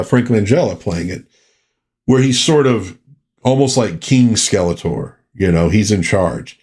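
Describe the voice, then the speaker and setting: A man with a slightly husky voice rambles through casual pop culture chat as the show's host. His pitch rises and falls a lot as he talks, and he keeps drifting into folksy asides. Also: darkish tone. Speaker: podcast host.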